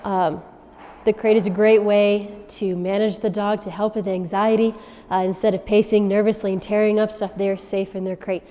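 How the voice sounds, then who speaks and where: A woman dog trainer giving instructions to dog owners, often checking in with a quick "okay?". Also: mid-range voice, little pitch movement, dark tone. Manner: coaching, checks in with frequent "okay?". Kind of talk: instructional demonstration. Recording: long reverb.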